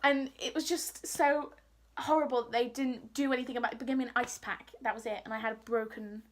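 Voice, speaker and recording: Girl chatting thru a story, high voice, animated, does the other people's voices. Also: a little fast. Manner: animated, acts out what people said. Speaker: vlogger. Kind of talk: casual storytelling.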